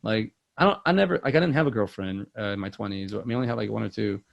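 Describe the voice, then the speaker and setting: A man's voice: on the low side, very fast, creaky, dry recording, highs cut off. A man co-hosting a movie podcast, chatting casually and rambling with many fillers and restarts. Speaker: podcast co-host.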